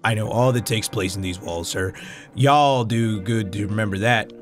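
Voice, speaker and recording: Sinister, overly polite Southern doorman, put on by a man, deep and hushed. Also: moderate pace, soft background music, lightly acted. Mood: ominous. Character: formal, sinister male apartment doorman.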